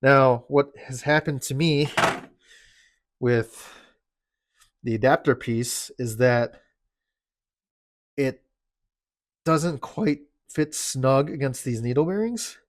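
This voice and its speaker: A man, out of breath in a cold, dim home garage, casually talking through car parts with lots of fillers and restarts. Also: medium pitch. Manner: halting, filler-heavy explaining. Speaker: car enthusiast vlogger.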